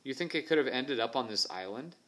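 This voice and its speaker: A man voicing an eager, curious young boy who asks lots of questions and gets excited easily. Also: mid-range voice, a little fast, natural voice.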